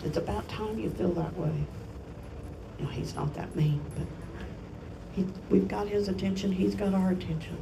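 Gravelly-voiced woman pastor preaching. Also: on the low side, fairly even intonation, moderate pace, far from the mic, noisy background. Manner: earnest and self-deprecating, laughs at herself. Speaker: family pastor. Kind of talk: sermon.

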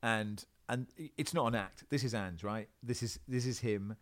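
A man's voice: on the low side, moderate pace. A man, a football presenter living in Australia, chatting in an interview with lots of restarts and fillers. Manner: rambling, animated, many restarts. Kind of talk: casual interview chat. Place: home in Australia.

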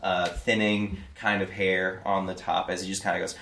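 A man's voice: deep voice, little pitch movement, moderate pace, gravelly, bright, forceful tone. A man narrating as game master in a loose, casual way with many fillers. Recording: echoey room from far off.

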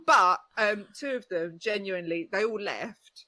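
A woman, a comedian guest telling an animated story in casual chat. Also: normal speed, hardly any pauses. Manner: animated storyteller, acts out quotes in high squeaky voices.

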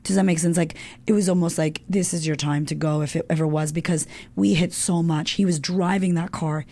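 Woman guest, low raspy voice, blunt and sweary, lots of "like"s, just talking it through. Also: fairly even intonation, brisk, warm tone. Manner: candid, swears often, fills with "like". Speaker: interview guest. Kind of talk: casual personal storytelling.

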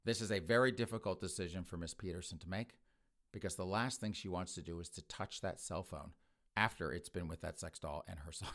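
A man's voice: deep voice, fast talker, a bit bright. A man telling a comedic story in a brash way, often turning to his listeners as folks.

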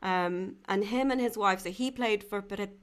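Chatty woman host, mid pitch, asks questions, laughs a lot. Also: normal speed, smooth. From Italy. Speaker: podcast host. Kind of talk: casual interview chat.

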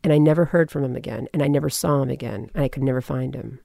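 Rumbling low and racing along with vocal fry, this woman from California is heard in a studio-quality recording with no echo. As a podcast guest she tells a personal story in casual talk, an animated storyteller who acts out what others said and gives them voices.

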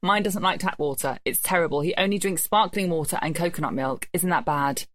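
A woman in her thirties co-hosting a podcast, telling stories in a brisk, dry way and swearing for comic effect. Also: lowish voice, no echo. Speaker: podcast co-host. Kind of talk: casual chat.

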